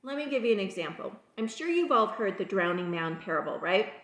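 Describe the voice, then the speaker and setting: A woman's voice: medium pitch, animated, brisk, fairly bright tone, reverberant. A woman teaching a motivational faith talk, emphatic and repetitive, calling her listeners "you guys" and "people". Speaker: spiritual teacher.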